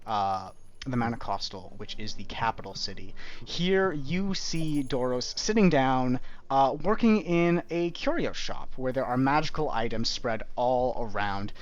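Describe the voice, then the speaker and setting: A man narrating a tabletop game as game master, casually and haltingly, with many fillers. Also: mid-range voice, animated. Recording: dull lo-fi stream audio.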